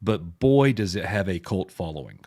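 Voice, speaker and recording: Male stream co-host, low gruff voice, animated delivery, jokey banter. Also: normal speed. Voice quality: gruff, a bit hoarse. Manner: joking, addresses chat viewers by name. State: sounds slightly sick. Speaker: co-host of a pop culture live stream. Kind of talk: casual live-stream chat.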